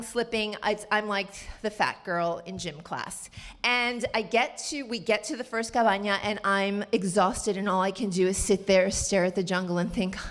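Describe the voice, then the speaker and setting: A woman from the Bronx telling a personal story at a live storytelling show, animated, with sharp jumps up in pitch when she quotes people. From the Bronx, New York.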